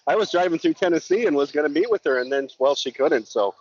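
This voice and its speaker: A man's voice: on the high side, animated, fast talker. Earnest man on a dull call line. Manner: earnest, repeats words as he talks. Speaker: guest, law enforcement officer. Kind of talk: casual chat. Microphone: remote call-in. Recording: slightly dull call audio with faint noise.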